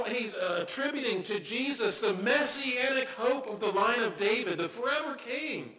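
A man preaching a sermon as pastor, swinging from hushed asides to loud, excited cries. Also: extremely high pitch, roomy sound, rough recording.

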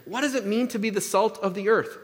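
A man's voice: high-pitched, fairly quick, big-room sound. A man pastor preaching a sermon to his church in a conversational way, with humor and rhetorical questions. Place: church sanctuary.

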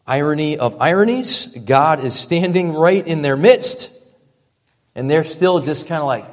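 A male pastor preaching a sermon, emphatic, dropping to a hush for effect and piling up repeated phrases. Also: a little high, lively intonation, a little slow. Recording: long reverb from a large hall.

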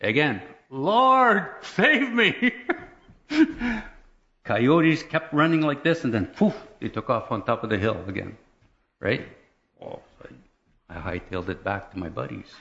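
A man with a fairly low voice tells a personal testimony as a lively, chatty story, often chuckling and checking in with his listeners. The recording is dull and a little lo-fi. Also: moderate pace, gravelly. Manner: animated storyteller, chuckles, checks in with "right?" and "okay?".

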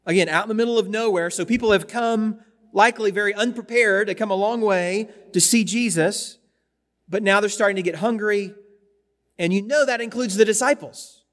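High-voiced pastor preaching in a hall. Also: male voice, moderate pace, a bit bright. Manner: conversational, with repetitions and asides to the congregation. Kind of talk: sermon. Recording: long hall reverb.

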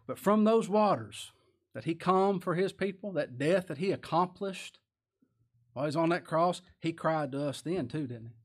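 A man preaching a sermon in a folksy, plain-spoken way, often asking his listeners questions and raising his voice to loud cries for emphasis. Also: on the high side, lively intonation, normal speed.

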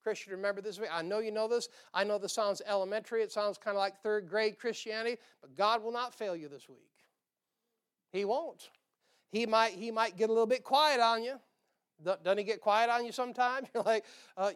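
A male pastor preaching with a high-pitched, clear and resonant voice. He keeps things folksy and joking, chuckling between points and firing rhetorical questions at his listeners. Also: fairly quick. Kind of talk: sermon.

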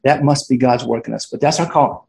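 A man's voice: medium pitch, fairly even intonation, fast talker, gravelly, dark tone, slight background noise. A middle-aged man preaching a sermon as pastor, casual and conversational, full of fillers and restarts. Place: church sanctuary. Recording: roomy church echo.

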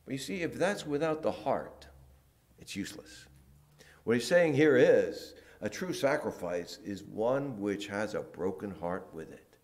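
Man, pastor, sermon, church, average pitch, emphatic then hushed. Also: lively intonation, unhurried. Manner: swings from loud emphatic lines to hushed near-whispers.

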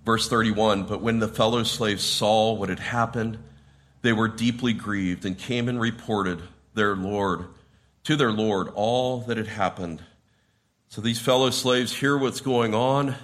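A man's voice: fairly even intonation, unhurried, fairly bright tone. Man preaching a sermon. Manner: rises in pitch and volume when quoting the characters; explains word meanings in a teaching tone. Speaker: pastor.

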